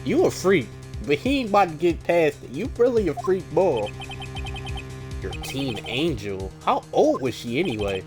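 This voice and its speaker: A man giving casual, slangy let's-play commentary while he reads a video game out loud, over game music. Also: fairly high pitch, normal speed. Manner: slangy, excitable. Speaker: gaming streamer.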